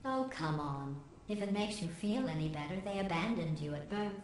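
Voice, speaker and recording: A woman's voice: lowish voice, normal speed, natural voice. A woman voicing a cold sarcastic AI. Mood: sardonic. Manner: deadpan, cutting insults. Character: cold sarcastic female AI overseer. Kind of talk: game dialogue.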